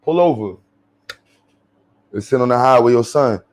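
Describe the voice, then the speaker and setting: A man's voice: mid-range voice, normal speed, natural voice. A man putting on a swaggering, armed young man in a mocking impression, with thick New York slang.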